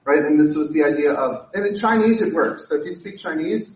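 High-voiced pastor preaching in an echoey hall. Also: male voice, a little fast, distant mic. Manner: energetic, joking asides, repeats words. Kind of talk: sermon. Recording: echoey room, speaker away from mic.

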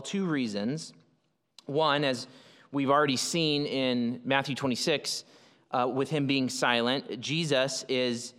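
A man's voice: on the high side, a bit bright. A male pastor preaching a sermon in an explanatory way, often restarting phrases and using fillers. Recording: long hall reverb.

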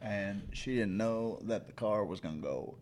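A man's voice: on the low side, normal speed, darkish tone, a little hiss or hum. Laid-back man telling a story. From St. Louis area, USA. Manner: storytelling, laughs often, swears freely. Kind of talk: casual chat.

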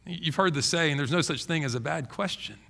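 A man preaching a sermon as pastor, emphatic and animated, often restarting his phrases. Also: a little high, brisk, creaky.

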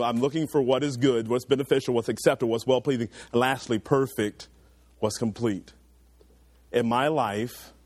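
Young man, sermon preacher, earnest, urging, loud bursts and quiet asides, mid-pitched voice. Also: dry recording.

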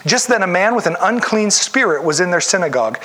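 A man preaching a sermon in a relaxed, conversational way, often acting out the voices of the people he quotes. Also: sits high, fast. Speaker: pastor.

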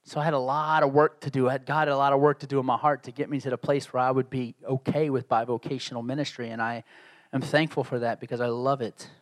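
A man's voice: mid-range voice, flat delivery, fast talker. A man preaching a sermon as pastor, conversational and joking, building to emphatic peaks.

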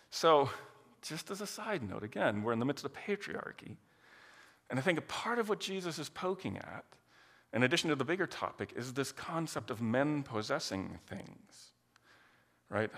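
Lively conversational preacher in a hall. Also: male voice, on the high side, normal speed. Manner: lively, conversational, laughs often. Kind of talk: sermon.

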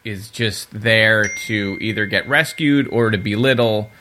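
Bright-voiced man talking fast on a podcast. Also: fairly low pitch, slight background noise. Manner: talkative, quick, quotes characters in a mocking voice. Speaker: podcast co-host. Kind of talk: casual podcast discussion.

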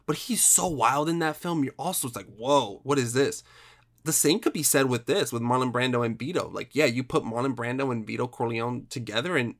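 A man in a casual conversation about movies. He rambles, circles back on his words and swears offhand. His pitch sits at a middling, ordinary level. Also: fairly quick, hardly any pauses, a bit bright. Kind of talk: casual film discussion.

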